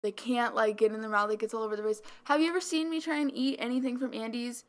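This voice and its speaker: Rambling young woman, higher voice. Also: fairly even intonation, fast talker. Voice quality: slight mumble. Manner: rambling, lots of "like" fillers. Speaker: podcast co-host. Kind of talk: casual chat.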